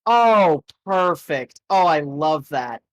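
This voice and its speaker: Gm guy narrating the scene, kinda high voice, rambly and excited, dry sound. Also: slow, no room sound. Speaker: game master. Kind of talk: narrating a tabletop game.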